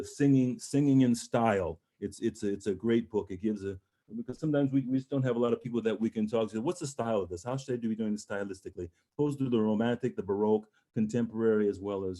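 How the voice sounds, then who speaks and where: A man's voice: mid-range voice, warm tone. A middle-aged man teaching an online voice master class over a video call, encouraging and talking through phrasing with short sung examples.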